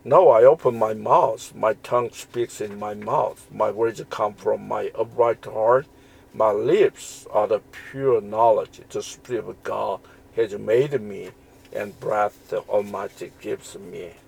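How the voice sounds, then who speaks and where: A man's voice: lowish voice, steady tone, takes it slowly, vocal fry, darkish tone, slight background noise, poor audio. A man reading Bible verses aloud and explaining them, with frequent restarts and fillers. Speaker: Bible teacher. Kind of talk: slow scripture reading and commentary.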